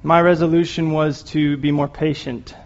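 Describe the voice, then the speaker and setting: A man's voice: fairly high pitch, flat delivery, normal speed. A man giving an earnest, emotional sermon, rambling at times with restarts and apologies. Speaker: lay preacher. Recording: dull lo-fi recording.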